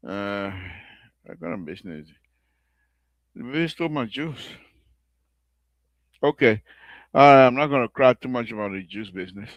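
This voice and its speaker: A man's voice: lowish voice, lively intonation, normal speed, long pauses, no room sound. A man with a Liberian accent, hosting an online radio talk show, who rambles, repeats his phrases, prays aloud and rants about politics. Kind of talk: casual talk show monologue with prayer.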